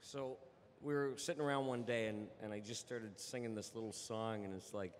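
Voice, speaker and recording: A man telling casual anecdotes as a voice actor on a convention panel, animated and laughing often. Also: fairly low pitch, moderate pace. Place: large convention hall. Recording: long hall reverb with faint noise.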